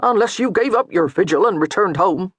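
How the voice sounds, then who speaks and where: A woman's voice: medium pitch, animated, fairly quick, husky, no room sound. A woman narrator voicing a harried male steward who talks earnestly and holds his patience. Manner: earnest, restrained, pleading.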